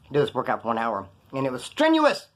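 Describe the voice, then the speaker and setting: Fast-talking man telling prison stories. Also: mid-range voice, wildly swooping pitch. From Kern County, California. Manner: rapid, slangy, quotes others in put-on voices. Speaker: prison storyteller vlogger. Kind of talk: fast casual storytelling monologue.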